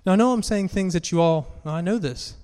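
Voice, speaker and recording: A man's voice: sits high, fairly quick, darkish tone, clean tone. Man preaching in a reverberant hall. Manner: earnest, rises and presses when reading scripture aloud. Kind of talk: sermon.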